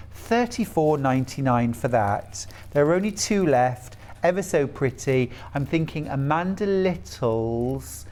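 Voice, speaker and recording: A middle-aged British man from the UK hosts a live shopping broadcast, gushing over fabrics with chatty enthusiasm. His pitch sits in an ordinary middle range. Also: darkish tone. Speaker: shopping channel presenter. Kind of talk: live sales presentation.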